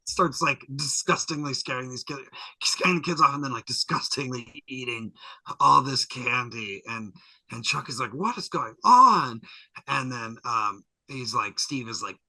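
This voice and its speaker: A man guest on a podcast, recapping an episode in a lively, jokey way and slipping into character voices. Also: mid-range voice, moderate pace, no room sound, poor audio. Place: podcast studio.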